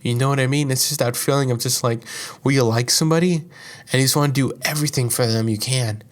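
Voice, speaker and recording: A fast-talking young man with a medium-pitched voice hosts a podcast, wandering through a personal anecdote. It's a casual, profane monologue packed with fillers and endless "like"s.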